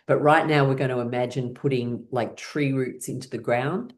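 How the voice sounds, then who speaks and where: A woman teaching a laughter yoga class, giving gentle instructions that often break into laughter. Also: extremely low pitch, fairly even intonation. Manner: slow, soothing guided meditation delivery.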